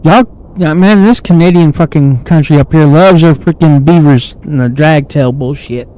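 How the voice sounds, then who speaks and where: Still frustrated, the streamer mutters profanities to himself as he plays the flight game and casually comments on it. His voice sits on the high side with a warm tone at normal speed, captured in poor audio.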